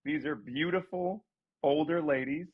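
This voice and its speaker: Brief: husky guy, a bit high, teasing mock-serious co-host, dull lo-fi recording. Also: measured pace. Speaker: podcast co-host. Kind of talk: casual banter.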